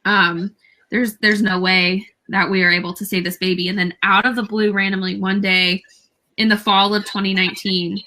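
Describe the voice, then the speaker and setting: Bright-voiced young woman telling a story. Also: mid-range voice, poor audio. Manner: animated, many fillers and quoted dialogue. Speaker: guest. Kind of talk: casual storytelling interview.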